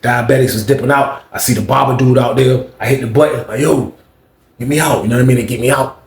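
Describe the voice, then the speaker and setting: Fast-talking man telling a story. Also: mid-range voice, vocal fry. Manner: animated, slangy, acts out quotes. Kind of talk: casual storytime. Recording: roomy echo with faint ambience.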